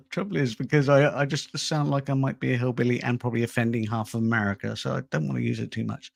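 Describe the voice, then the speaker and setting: A man's voice: mid-range voice, fairly even intonation, fast, vocal fry, no room sound. A middle-aged man hosting a casual live stream, rambling and self-deprecating, often breaking into laughter. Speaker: host and channel producer.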